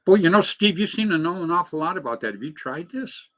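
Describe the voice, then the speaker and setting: A man's voice: fairly high pitch, animated, fast talker. A middle-aged man co-hosting a live talk show in casual, jokey banter. He rambles and laughs easily. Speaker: co-host of a live paintball show.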